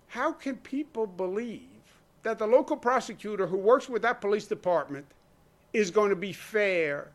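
A man gives an emphatic public speech as a governor, asking rhetorical questions and mimicking imagined voices. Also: high-pitched. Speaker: state governor.

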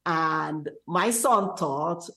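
A middle-aged Nigerian woman, Igbo her first language, telling stories in an interview with thoughtful pauses. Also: sits low, sharp tone. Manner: thoughtful, storytelling with hesitations. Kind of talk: casual interview.

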